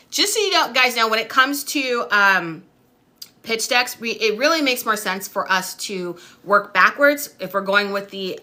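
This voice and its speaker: A woman's voice: mid-range voice, bright, forceful tone. A woman teaching a TV production class on a livestream, chatty and upbeat as she reads out viewers' comments. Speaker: TV production instructor. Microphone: phone or webcam on livestream.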